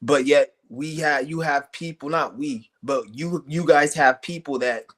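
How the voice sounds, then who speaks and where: A man's voice: a little high, unhurried, fairly bright tone. A man streaming an angry vlog rant, firing off heated, profane rhetorical questions and blunt insults. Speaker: streamer ranting to viewers.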